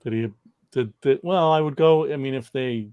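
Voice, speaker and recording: A man's voice: mid-range voice, normal speed, darkish tone, clear, resonant tone. A man co-hosting a casual comics history livestream, rambling and laughing as he reads viewer comments aloud.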